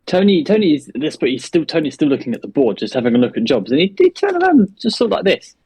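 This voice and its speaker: A man's voice: on the high side, huge pitch swings, quick pace, darkish tone, breathy edge, dry recording. A man playing a tabletop game, jokey and blunt. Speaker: player.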